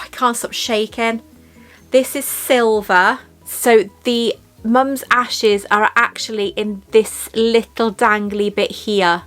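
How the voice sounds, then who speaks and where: A woman talks slowly and warmly to her camera while unboxing a piece of jewellery, gushing with emotion at what she shows. Her pitch sits in an ordinary middle range, and faint music plays behind her. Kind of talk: casual unboxing chat.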